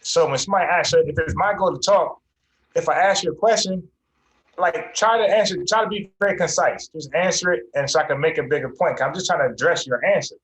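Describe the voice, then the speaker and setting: A man's voice: a little high, fast, fairly bright tone, roomy sound, rough recording. A man hosting an online debate show, firm and insistent, repeating himself to make a point. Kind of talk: heated debate.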